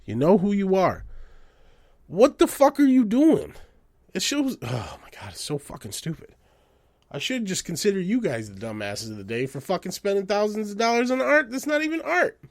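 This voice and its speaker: A man rants and swears with a lively, bouncing pitch, jumping from loud outbursts to low mutters. His voice sounds dry and close to the mic, with no room echo. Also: a little fast, vocal fry. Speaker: podcast host. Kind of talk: profane comedic rant.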